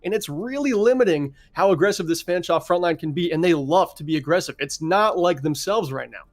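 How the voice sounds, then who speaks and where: A man's voice: fairly high pitch, animated, brisk. A young man giving analytical esports commentary, breaking down team fights and asking his co-caster questions.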